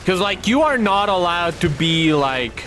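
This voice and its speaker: A man's voice: sits high, sing-song, measured pace, fairly bright tone, a little hiss or hum. A male streamer chatting casually while he plays, rambling and swearing through his stories. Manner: rambling, profane storytelling. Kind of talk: casual chat while gaming.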